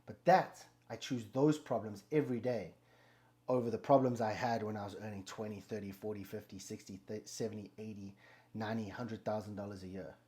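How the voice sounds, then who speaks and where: Fast and steady, this motivational host speaks in a lowish, mellow voice. His monologue is blunt, emphatic and loaded with profanity.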